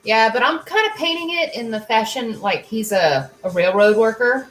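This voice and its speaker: A woman's voice: on the high side, moderate pace, fairly bright tone. A woman in casual chat while painting miniatures, easygoing and chiming in with short agreements. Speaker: co-host of a painting stream. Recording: echoey room.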